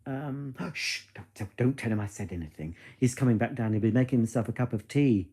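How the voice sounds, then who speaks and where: Casual male streamer, mellow voice, gossipy and teasing, talking straight to his viewers. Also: mid-range voice, a little fast, slightly rough. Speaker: livestream host. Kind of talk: casual live-stream chat.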